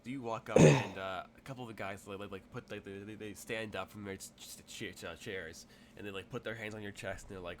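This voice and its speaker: A man's voice: fairly low pitch, fairly quick, hardly any pauses, darkish tone, a little hiss or hum. A man narrating a tabletop game as game master, rambling with many fillers and restarts.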